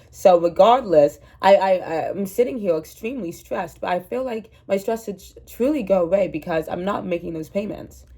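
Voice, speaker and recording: A woman in her twenties, sick with a cold, speaks in a lowish voice with a dark tone. She's a vlogger rambling casually and poking fun at herself for her viewers in a chatty vlog, filmed indoors at home using only the camera's built-in mic.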